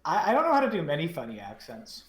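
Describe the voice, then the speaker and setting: A woman's voice: low-pitched, huge pitch swings, fast talker. A woman co-playing a game, joking in a sardonic, self-deprecating way and swearing freely. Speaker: co-player and guest. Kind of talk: casual chat while playing a game.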